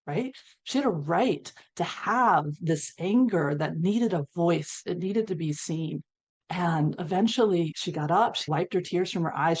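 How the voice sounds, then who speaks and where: A woman on a panel telling a long healing story, acting out what people said and laughing now and then. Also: on the low side. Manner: animated storyteller, acts out quotes, laughs between lines. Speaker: panelist, equine-assisted healer.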